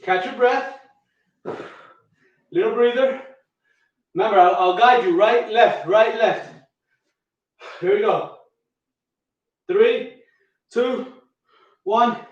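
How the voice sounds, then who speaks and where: A man's voice: high-pitched, slow, pauses often, muffled recording. A man coaching a workout, counting reps aloud and calling out each move while out of breath. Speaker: fitness coach. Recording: echoey room, far from mic.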